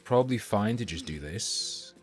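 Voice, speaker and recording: A low-voiced man streams a game live, talking loosely to himself and his chat with lively ups and downs in his pitch. He mutters, swears freely and reacts as he plays, with faint game music underneath. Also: normal speed. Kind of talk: live gameplay commentary.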